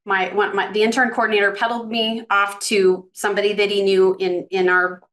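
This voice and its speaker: A woman's voice: mid-range voice, flat delivery, brisk, fairly bright tone. A woman in her fifties, a career coach, chatting as a podcast guest and reflectively telling stories about her career over a video call. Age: 50s. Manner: reflective, storytelling, chatty with restarts. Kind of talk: casual podcast conversation.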